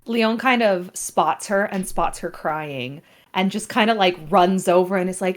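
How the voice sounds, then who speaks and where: A woman playing a tabletop game, quick and chatty, over an online call. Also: medium pitch. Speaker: player.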